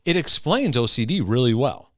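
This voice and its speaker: A middle-aged man speaks in an easy, conversational teaching style at an average pitch. He talks directly to his listeners, slips into quick acted-out voices, and tags his points with questions to keep them with him. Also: big pitch swings, a bit bright. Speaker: Christian teacher on anxiety and OCD. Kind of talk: casual teaching talk.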